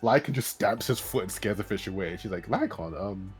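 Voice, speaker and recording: A man's voice: lowish voice, fast, breathy edge, soft background music. A man on a voice call, telling a funny story with many restarts. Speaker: friend on voice call. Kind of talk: casual chat.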